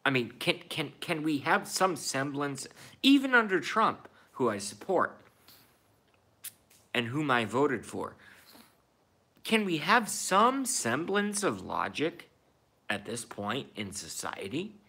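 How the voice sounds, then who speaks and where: Slow-talking profane man in his thirties. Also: on the high side, big pitch swings, pushed and bright, slightly rough. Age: 30s. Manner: profane, repetitive, indignant. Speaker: vlogger. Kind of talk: ranting monologue.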